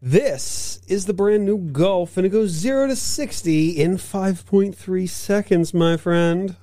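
A man's voice: high-pitched, slow, warm tone, dry recording, studio quality. A man co-hosting a casual car-news podcast, reading out news items and making playful asides. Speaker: podcast co-host.

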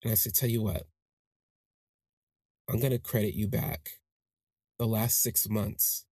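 A man hosting a podcast, telling a personal story in a casual monologue and acting out the people in it with big jumps in pitch. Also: unhurried, breathy edge, no echo, clean studio sound. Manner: animated, acts out quoted voices with big pitch jumps. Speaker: podcast host.

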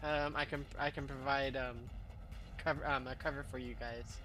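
A man's voice: mid-range voice, steady tone, moderate pace, pushed and bright, faint music behind, lightly acted. A man doing a cocky, brash driver. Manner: casual and full of fillers.

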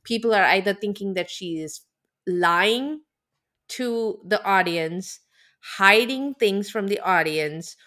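Bright, animated woman podcast co-host. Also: mid-range voice, takes it slowly. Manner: animated, opinionated, laughs often. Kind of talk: casual chat about reality TV.

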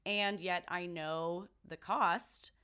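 A woman co-hosting a casual chat podcast, telling stories as animated, swearing rants. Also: lowish voice, takes it slowly, clean tone. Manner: animated ranting storyteller, swears freely. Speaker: podcast co-host.

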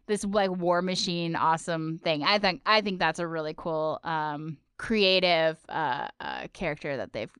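A woman's voice: low voice, a little slow, few pauses, clean tone, no room sound, clean studio sound. A woman co-hosting a podcast, chatting casually and playfully about a cartoon episode. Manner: playful, teasing, animated. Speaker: podcast co-host.

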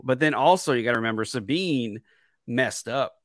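A man co-hosting a casual fan podcast, talking excitedly, stumbling over repeated words and laughing often. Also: mid-range voice, fairly quick, no echo, clean studio sound. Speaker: podcast co-host.

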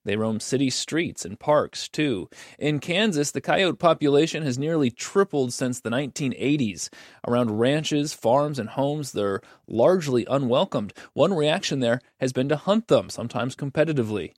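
A male news anchor reads a scripted introduction with crisp, formal polish. His voice is mid-pitched and sits in a dry, close studio sound. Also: animated, moderate pace, dry recording. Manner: crisp, formal announcer delivery.

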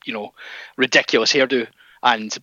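Male co-host, jokey, bright tone, lo-fi sound. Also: medium pitch, fairly even intonation, normal speed, no echo. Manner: jokey, laughs easily. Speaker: podcast co-host. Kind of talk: casual chat. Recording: dull lo-fi sound.

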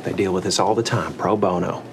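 A man plays a low, deep-voiced prisoner with a Texan accent who talks calmly and quickly. The film audio carries clear room ambience behind him. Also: noisy background, natural voice. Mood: assured. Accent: Texan Southern.

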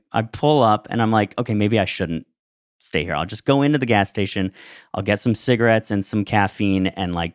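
A man's voice: on the low side, no echo, clean studio sound. A man co-hosting a podcast, telling a rambling anecdote in casual chat and laughing as he goes. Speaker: podcast co-host.

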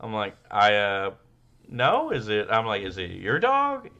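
A man's voice: lowish voice, measured pace, clear, resonant tone, dull audio. A man co-hosting a casual comedy podcast, telling stories and acting out the quotes. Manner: animated storyteller, acts out quotes. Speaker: podcast co-host.

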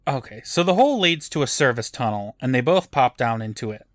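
Podcast co-host, man, mid pitch, dry recording, deadpan recap. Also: a little fast, dry recording. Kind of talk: casual recap chat.

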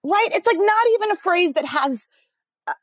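A woman in her thirties, a voice coach and author, talking in a relaxed interview and telling stories with lively swings in pitch. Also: moderate pace, no room sound. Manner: animated storytelling, wide pitch swings, expressive. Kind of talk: casual interview conversation.

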